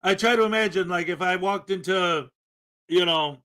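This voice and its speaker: A man hosting a commentary show, voicing exasperated disbelief in a loud, incredulous rant. His voice sits high and has a sharp, bright edge. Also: moderate pace. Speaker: commentary host. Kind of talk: ranting commentary on a played clip.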